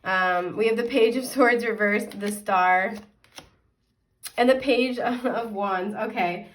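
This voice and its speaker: A woman's voice: mid-range voice, takes it slowly, slight background noise. A woman giving a casual tarot reading to her viewers. She is chatty and giggly and fills her talk with frequent ums and likes. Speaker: tarot reader.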